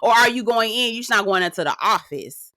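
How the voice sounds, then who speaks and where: A woman doing a casual recap of a reality show, sassy and animated, talking straight to her viewers. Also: on the high side, fairly quick, dry recording, clean studio sound. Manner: animated, sassy, talks straight to viewers, lots of "girl" and "okay?".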